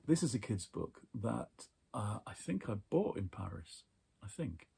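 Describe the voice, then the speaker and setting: Man, book vlogger, chatty and rambling, husky, lowish voice. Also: sing-song, unhurried. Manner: chatty, rambling, with fillers and soft laughs. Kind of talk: casual book chat and reading aloud.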